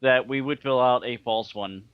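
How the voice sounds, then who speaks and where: A man's voice: mid-range voice, normal speed, clear, resonant tone, no room sound. A man co-hosting a gaming podcast who asks pointed questions and tells stories in casual chat. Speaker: podcast co-host. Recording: slightly dull lo-fi mic.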